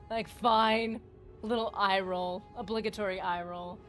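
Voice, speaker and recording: A woman's voice: medium pitch, fairly even intonation, slow, a bit bright, faint music behind. A woman livestreaming a video game, chatting with her viewers in a giggly, rambling and playful way, teasing them and her partner. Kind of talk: casual gaming livestream chat.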